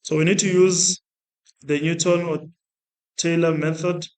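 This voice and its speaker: A man's voice: fairly high pitch, flat delivery, unhurried, a little mellow. A man teaching a maths lesson step by step, talking through his working aloud and often restarting or correcting himself. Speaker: maths lecturer. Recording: echoey room.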